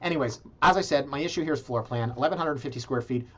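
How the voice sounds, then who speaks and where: A man hosting a casual video, reviewing condo listings in a sarcastic, animated way and talking straight to his viewers. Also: mid-range voice, fast talker. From Canada. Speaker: realtor and video blog host. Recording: slightly dull, lo-fi sound.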